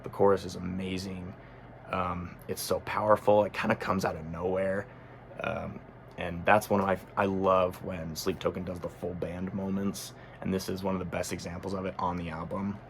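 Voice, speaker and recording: A low-voiced man with a gravelly, creaky edge gives a relaxed music review. He thinks aloud as he goes, often pausing on ums and correcting himself mid-sentence. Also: slight background noise. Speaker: music critic. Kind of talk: casual album review monologue.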